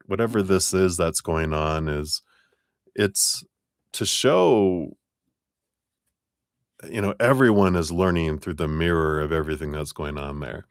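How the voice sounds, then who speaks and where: A man's voice: sits low, dry recording, clean studio sound. A man doing a live tarot reading, musing and easygoing, with many fillers and restarts. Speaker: tarot reader.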